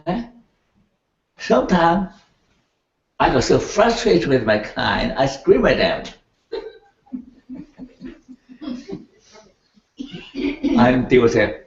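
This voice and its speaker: An older man lecturing a class in an animated way, laughing and checking in with his students as he goes. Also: mid-range voice, very slow, pauses often. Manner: animated, laughing, keeps asking the class "right?". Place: lecture room. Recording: echoey, distant, dull room recording.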